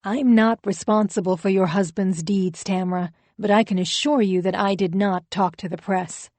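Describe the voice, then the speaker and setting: A woman's voice: mid-range voice, fairly even intonation, normal speed, a little mellow, no echo, close to an everyday voice. A woman reading the lines of a defensive middle-aged male pastor in an audiobook, in a formal, evasive way.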